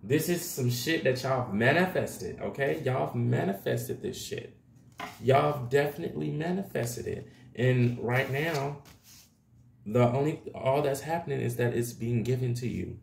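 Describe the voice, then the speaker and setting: A man's voice: medium pitch, measured pace, gravelly, slight background noise. A man doing a casual tarot reading to camera, talking loosely and chattily with plenty of slang, calling his viewers y'all. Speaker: tarot reader. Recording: echoey room.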